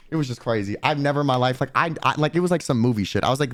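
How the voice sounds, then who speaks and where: A young man, a streamer, telling a profane, animated story in casual chat and quoting people in put-on voices. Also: on the high side, brisk.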